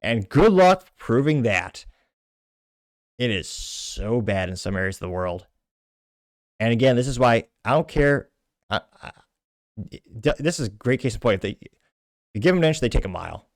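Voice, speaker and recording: A man's voice: medium pitch, big pitch swings, moderate pace, pauses often, no room sound, clean studio sound. A man from Texas, ranting through indignant political commentary as host.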